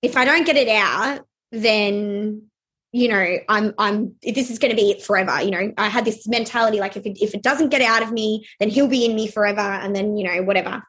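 A young adult woman telling a personal story in an interview, hesitant and halting with many fillers. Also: mid-range voice, fairly bright tone.

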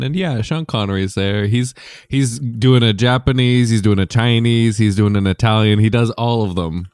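A man's voice: lowish voice, normal speed, few pauses, a little mellow, smooth, no echo, studio quality. A man in a comedy podcast, improvising in a laid-back, drawling way. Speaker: podcast co-host.

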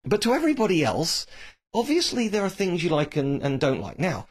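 Blunt, opinionated man with lively pitch. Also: brisk. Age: adult, grew up reading Tolkien. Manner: blunt, opinionated, dismissive asides. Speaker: TV series commentator. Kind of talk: casual opinionated monologue.

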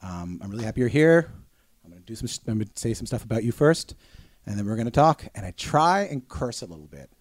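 A man's voice: mid-range voice, fast talker. Swearing, laughing man. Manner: swears freely, laughs a lot, animated storytelling. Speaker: podcast guest, radio interviewer. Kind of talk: casual chat.

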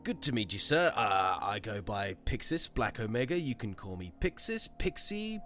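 A man's voice: fairly low pitch, very animated, normal speed, a bit bright, soft background music. A man speaking as a player in a tabletop game, stammering and repeating words. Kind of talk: in-character play.

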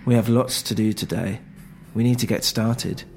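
Man doing a terse Eastern European woman, lowish voice, matter-of-fact. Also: normal speed, creaky, a little mellow, faint music behind. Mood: curt. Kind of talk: storytelling.

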